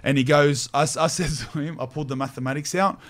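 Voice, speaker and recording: With a fairly high, somewhat bright voice and a quick pace, an Australian man hosts a podcast. His storytelling is casual and slangy, punctuated by laughs.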